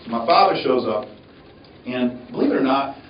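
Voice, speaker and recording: A man giving a motivational speech, telling his story in an animated way and acting out the voices. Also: mid-range voice, normal speed, slight background noise. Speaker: motivational speaker. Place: university lecture hall. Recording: echoey, distant, dull hall recording.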